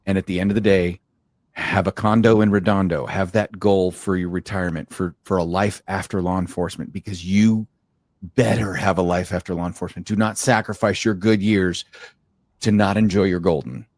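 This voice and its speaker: A man's voice: low-pitched, fairly even intonation, brisk, a little mellow, no room sound. A man co-hosting a podcast in casual chat, blunt and swearing freely. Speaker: podcast co-host.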